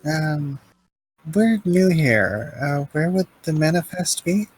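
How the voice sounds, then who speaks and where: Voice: medium pitch, lively intonation, slow pace, a little mellow, breathy edge, poor audio. A player asking plain, polite questions in character at a tabletop game.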